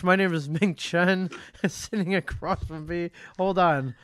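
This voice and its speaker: A man's voice: high voice, steady tone, unhurried, fairly bright tone, clear, resonant tone, no echo. A man co-hosting a casual chat podcast from a comic book shop, joking, self-mocking and laughing often. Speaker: podcast co-host.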